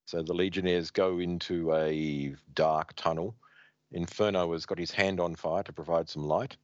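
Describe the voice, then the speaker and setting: A man hosting a podcast, reading a comic aloud and acting out the characters in a wry, steady way. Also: sits low, moderate pace, dry recording. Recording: dry, dull lo-fi sound.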